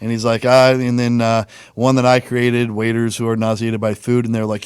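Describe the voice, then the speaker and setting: A male comedian co-host with a mid-pitched voice recounts a story in a relaxed, easy way. The mic is close and the sound is dry. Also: brisk, few pauses, clean tone, no echo. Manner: relaxed anecdotal retelling. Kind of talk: casual podcast chat.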